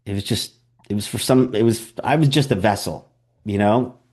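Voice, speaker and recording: A man's voice: on the low side, moderate pace, slightly rough. A man, a documentary director, being interviewed and telling stories animatedly, full of "like" and "you know". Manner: animated storyteller, acts out quotes; frequent "like" and "you know" fillers. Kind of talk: interview conversation.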